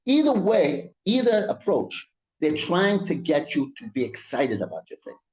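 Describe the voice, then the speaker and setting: A rabbi gives a Torah class in an echoey room. His voice sits fairly high and moves around a lot. He reads Hebrew lines quickly, then explains them in English, circling back and repeating himself as he goes. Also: huge pitch swings, a little mellow. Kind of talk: Torah class, reading Hebrew text and translating. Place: synagogue room.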